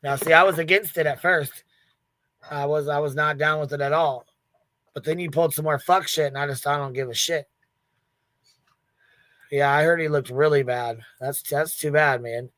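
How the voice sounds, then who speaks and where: A woman's voice: low-pitched, normal speed, long pauses, no echo. A woman hosts a casual livestream, speaking close to the mic with a dry, dead sound. She is blunt and profane, laughs often, and acts out the lines of people she is talking about. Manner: retells events with lively quoted asides. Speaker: livestream host.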